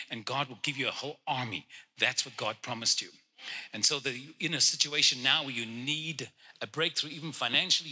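A man ministering as a guest prophet, speaking directly to people in the congregation and teasing them with quick jokes. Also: mid-range voice, bright, forceful tone, breathy edge.

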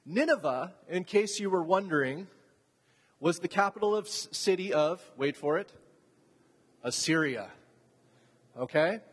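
A man's voice: fairly high pitch, breathy edge. A man giving a sermon as a pastor, telling the story in a casual, chatty way with asides. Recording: long reverb of a hall.

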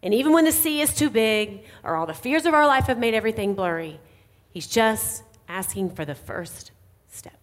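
A woman's voice: fairly high pitch, normal speed. Earnest woman preaching a sermon. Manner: earnest, confessional, animated when quoting herself. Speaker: pastor's wife, co-speaker.

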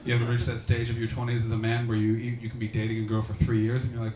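Man, stand-up comic, loud and profane crowd work, live club with heavy crowd noise. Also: medium pitch, completely flat delivery, racing, roomy sound. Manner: loud, profane, teasing audience members. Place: comedy club before a live audience.

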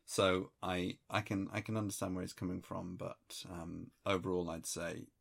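A man with a very low, gravelly voice riffs deadpan on a comedy podcast. His musings ramble along with mock seriousness, steady and dry in tone. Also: normal speed. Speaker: podcast co-host. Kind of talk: improvised comedy podcast banter.

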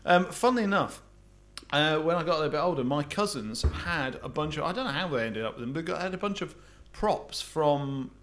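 A man with a somewhat high-pitched voice talking casually on a podcast. He stumbles and restarts as he gathers his thoughts, in an easygoing manner. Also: expressive, fairly quick, fairly bright tone. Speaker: podcast co-host. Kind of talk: casual chat.

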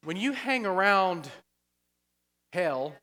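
A male pastor delivers a loose, conversational sermon, slipping into humorous asides and laughing along with his congregation. His voice is bright and forceful. It rings with the long reverb of a church sanctuary. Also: high-pitched, big pitch swings, slow pace. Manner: chatty, joking asides, laughs often.

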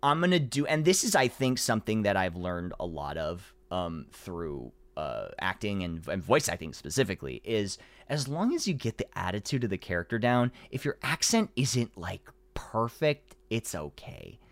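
A man's voice: fairly low pitch, moderate pace, hardly any pauses, dry recording. A man, a voice actor, chatting casually as an interview guest, telling a story with lots of fillers and acted-out quotes. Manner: animated storyteller, acts out quotes, frequent "you know" fillers.

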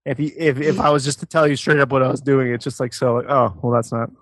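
A man's voice: medium pitch, fairly even intonation, fast, fairly bright tone, no room sound. A man from Canada co-hosting a casual podcast, laid-back, laughing often and swearing. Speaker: podcast co-host.

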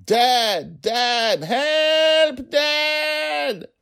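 A man voicing a terrified five-year-old girl who screams for her father in a shrill, panicked voice. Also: extremely slow, gravelly, bright, forceful tone, heavily acted.

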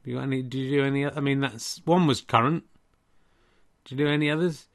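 A man's voice: mid-range voice, fairly even intonation, fairly quick. A middle-aged man hosting a comic solo podcast, rambling and self-mocking, with many restarts. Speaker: podcast host and comedian.

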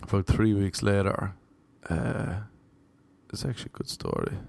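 A man's voice: lowish voice, wildly swooping pitch, normal speed, gravelly, a little mellow, slightly rough, no room sound. A young Irish man telling a rambling, self-mocking anecdote in casual chat, slipping into voices for the people he quotes. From Ireland. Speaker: storyteller.

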